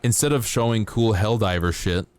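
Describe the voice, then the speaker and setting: In a somewhat low, slightly mellow voice at a moderate pace, a man chats playfully and rambles to his viewers while playing a game live. A little hiss or hum sits under the audio.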